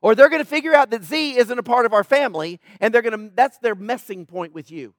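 A middle-aged man preaching with an unusually high voice, pressing each point home and asking the congregation to say it back. The sound is dry and close, with no room echo. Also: fast talker. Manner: emphatic, repeats key points and asks the audience to respond. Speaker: pastor. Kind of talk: sermon.

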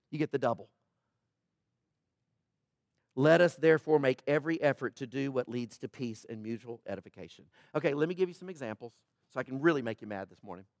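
A man preaching a sermon as pastor, talking in a casual way, swinging between loud exhortation and quiet emphasis, with jokes for the congregation. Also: on the high side, no echo, clean studio sound. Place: church.

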